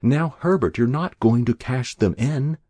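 A man's voice: medium pitch, unhurried, warm tone, no room sound, voice pushed up, lightly acted. A man voicing a thin, fussy housewife in a read-aloud story. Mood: alarmed. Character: fussy housewife Alma, woman, thin and shrill.

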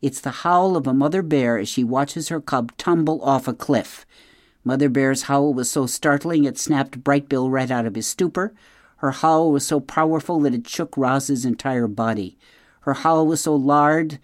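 A middle-aged woman reading a children's novel aloud on radio, expressive and speaking straight to the listener, then signing off as host. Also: very deep voice, moderate pace, no room sound, clean studio sound.

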